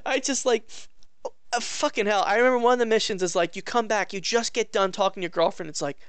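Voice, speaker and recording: A man's voice: high-pitched, fast, smooth, no room sound. A young man co-hosting a podcast, chatting casually, swearing a lot, laughing often and acting out silly voices. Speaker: podcast co-host. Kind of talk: casual chat.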